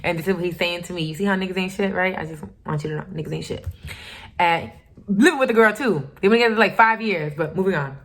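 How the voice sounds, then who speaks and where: A young vlogger tells her channel a storytime tale, candid, profane and emphatic. Her lowish voice is fairly bright and fast.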